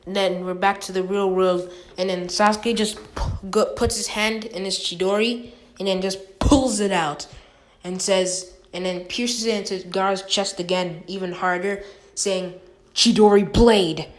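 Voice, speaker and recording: A woman's voice: medium pitch, fairly even intonation, unhurried. A woman casually retelling a fan-made story, rambling with many restarts.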